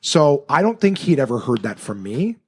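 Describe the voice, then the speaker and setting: A man who is a comedian, telling a story on a podcast in casual chat, animated and swearing freely. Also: mid-range voice, moderate pace, slightly rough.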